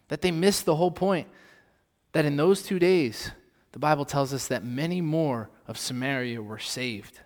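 Brief: male pastor preaching, mid-pitched voice, dynamic delivery, long hall reverb. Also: unhurried. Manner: rhetorical questions, swings from loud emphasis to soft. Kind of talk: sermon.

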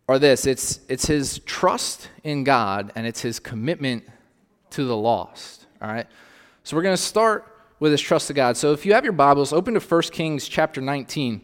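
A man's voice: a little high, clean tone, long reverb tail. A male pastor preaching in a conversational way, often checking in with his congregation. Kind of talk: sermon.

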